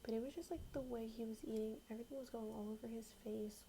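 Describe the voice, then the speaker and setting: A young woman telling a story in a soft-spoken ASMR style, casual and slangy, often slipping into a whisper. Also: a little high, fairly even intonation, fast, slight background noise, poor audio.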